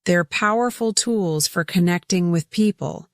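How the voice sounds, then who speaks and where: A woman narrating a scripted English lesson, speaking deliberately and repeating words for pronunciation drills. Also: fairly low pitch, no echo, studio quality. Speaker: English teacher.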